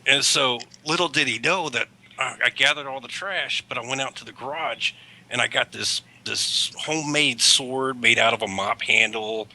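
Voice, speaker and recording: Guy rambling through a long story on a stream, gritty voice, sharp bright tone. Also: medium pitch, moderate pace. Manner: rambling, self-correcting anecdotes. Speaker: school bus driver. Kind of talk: casual storytelling on a livestream chat.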